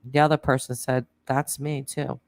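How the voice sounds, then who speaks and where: A woman hosting a true crime channel, reading text messages aloud in a plain way, with pauses and casual asides. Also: rumbling low, level tone, darkish tone.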